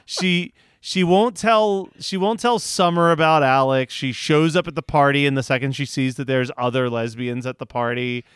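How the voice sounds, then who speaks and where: A man's voice: medium pitch, normal speed, few pauses, fairly bright tone, smooth, no room sound, clean studio sound. A man co-hosting a podcast, recapping a TV episode and telling rambling stories full of fillers. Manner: rambling storyteller with lots of fillers. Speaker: podcast co-host. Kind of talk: casual chat recapping a TV episode.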